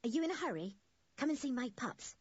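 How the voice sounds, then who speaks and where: A friendly young farm boy, voiced by a woman narrator talks cheerfully and proudly. The voice is a little breathy, with a dry, dull recording. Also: sits high, big pitch swings, brisk, no room sound, voice pushed up, heavily acted.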